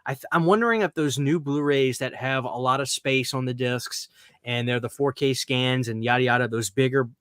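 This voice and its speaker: A man hosting a podcast, telling stories in a rambling, excitable, casual way. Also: medium pitch, normal speed, smooth, dry recording, clean studio sound. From Louisiana, US. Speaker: podcast host. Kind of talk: casual chat.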